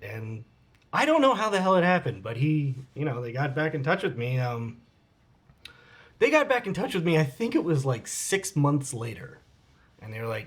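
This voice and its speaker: A man in his forties reading out and answering fan questions in a casual vlog, relaxed and swearing freely. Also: medium pitch.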